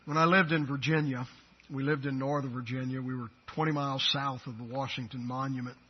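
High husky preacher guy, quiet then loud and slow, muffled lo-fi sermon tape. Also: fairly even intonation. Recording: dull lo-fi sermon recording.

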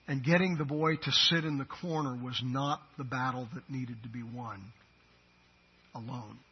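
High husky preacher guy, quiet then loud and slow, muffled lo-fi sermon tape. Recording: dull lo-fi sermon recording.

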